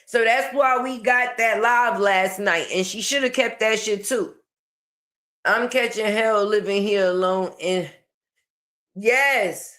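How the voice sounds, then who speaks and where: A woman's voice: medium pitch, slow, fairly bright tone. A woman giving a sassy, slangy commentary rant, mocking and talking back to the person she discusses. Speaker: online commentator.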